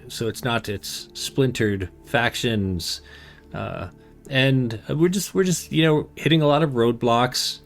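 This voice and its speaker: Man doing a flustered stumbling mother. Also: medium pitch. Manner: stumbling, hesitant, halting. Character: flustered tired middle-aged mother.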